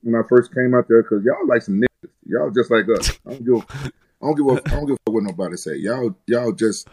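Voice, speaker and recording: A man's voice: medium pitch, quick pace, a little mellow, a little hiss or hum, rough recording. A man from the United States, a guest in an interview, telling rambling, profane stories with many restarts. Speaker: guest fighter. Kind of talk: casual interview storytelling.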